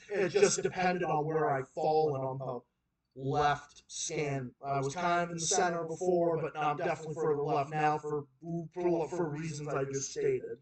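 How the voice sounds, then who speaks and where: A man with a Boston accent hosting a livestream and ranting heatedly about politics, repeating himself and restarting sentences. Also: a little high. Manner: heated, repetitive, emphatic ranting with many restarts. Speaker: livestream host. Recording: roomy echo, far from the mic.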